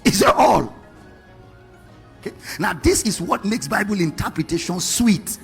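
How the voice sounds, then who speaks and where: A man's voice: high voice, lively intonation, measured pace, vocal fry, breathy edge, faint music behind. A man preaching a sermon to a congregation, firing rhetorical questions and asking them to read along.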